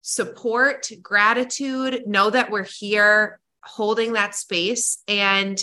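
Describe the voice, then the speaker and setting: A woman co-host on a podcast who chats casually and tells lively stories. Her voice is bright and forward, at a middle pitch. She speaks to listeners in an encouraging way. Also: takes it slowly. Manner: warm, encouraging, animated storyteller. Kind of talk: casual chat.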